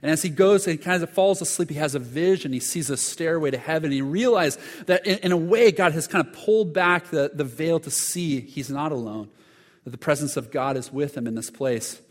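A man's voice: on the high side, fairly quick. Earnest man preaching in a reverberant hall. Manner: earnest storytelling with frequent restarts. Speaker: pastor. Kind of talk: sermon.

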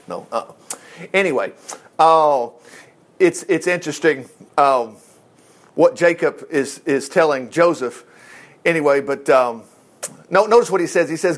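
Guy with a kinda high voice doing a laid-back bible lesson, reads a verse then riffs on it, lots of uh and anyway. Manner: conversational, reads scripture aloud and comments, many fillers. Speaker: Bible teacher. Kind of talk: casual Bible teaching.

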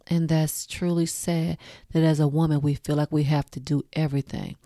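A woman in her forties hosts a casual talk, speaking bluntly and swearing freely straight to her listeners. Her voice sits low and mellow. The recording is dry and close. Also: little pitch movement, normal speed, dry recording. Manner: laughs at her own jokes. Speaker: podcast host.

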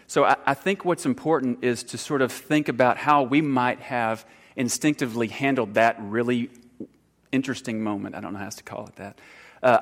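A man, a church counselor giving an informal sermon talk, earnest and halting, full of fillers and restarts. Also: medium pitch. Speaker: church counselor speaking to congregation. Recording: long hall reverb.

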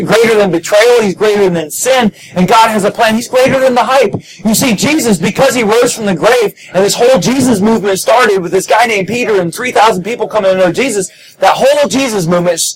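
A man preaching a sermon in a church, emphatic and repetitive, rising to shouted peaks with frequent restarts. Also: sits high, breathy edge, poor audio. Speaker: pastor.

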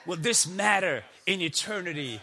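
A man from the United States preaching a sermon in church with impassioned shouting and rhetorical questions. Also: high-pitched, lively intonation, normal speed, gravelly. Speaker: pastor. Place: church before a congregation.

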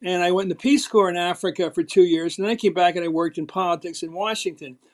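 A man's voice: sits high, steady tone, fast. An older man from Philadelphia with a Philadelphia accent, a guest in an interview, talking emphatically and telling stories, acting out the quotes he tells. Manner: emphatic, storytelling, acts out quotes. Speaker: guest, former TV political host. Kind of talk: animated interview talk.

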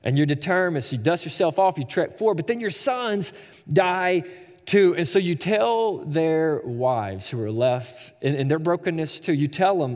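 A man's voice: a little high, animated, normal speed, darkish tone. A man in his thirties preaching a sermon as a pastor, conversational and storytelling, with stammering repeats. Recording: echoey hall reverb.

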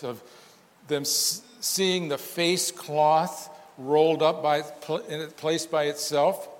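Lively-voiced man preaching in a reverberant hall. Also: on the high side. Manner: emphatic, asks rhetorical questions. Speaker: pastor. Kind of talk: sermon.

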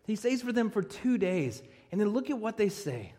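A high-pitched man delivers a lively sermon, swinging between loud emphasis and quiet asides, with a joke dropped in now and then. His voice rings through a church hall with a long, trailing reverb. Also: moderate pace. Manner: animated preaching with joking asides. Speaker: pastor.

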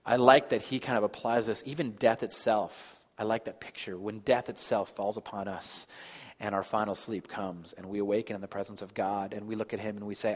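A man in his thirties preaching a sermon as pastor, moving between loud emphasis and soft, hushed lines. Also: fairly low pitch, little pitch movement, fairly quick. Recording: long hall reverb.

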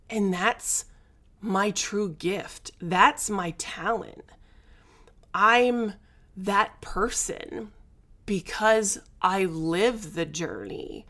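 A woman speaking to camera as a life coach, in an unhurried, drawn-out delivery. Her pitch sits in the middle range. She is blunt and emphatic, uses slang, and laughs between her points. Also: fairly bright tone. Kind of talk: candid talking-head vlog.

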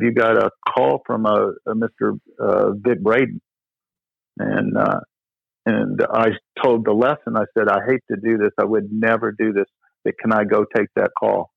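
A man's voice: fairly low pitch, creaky, no room sound. A middle-aged man, a tennis pro, tells stories in a casual interview, rambling with lots of "you know" and restarts. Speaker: tennis pro, podcast guest. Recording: dry, tinny phone-like line.

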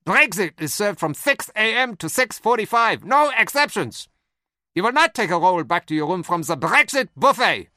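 A bossy German breakfast attendant barks rules in a loud, strained, raised voice, as a man puts him on. The commands come clipped and rigid, set against a dry, close sound. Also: high-pitched, very animated, normal speed, no echo, voice pushed up, full character voice. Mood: barking. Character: barking German hotel breakfast attendant, male, strict.

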